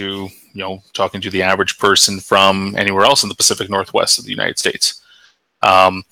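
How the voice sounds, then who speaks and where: Canadian man, fast and bright, dry close sound, rambling group chat. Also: lowish voice, no echo, low-quality recording. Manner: rambling, many repeated words.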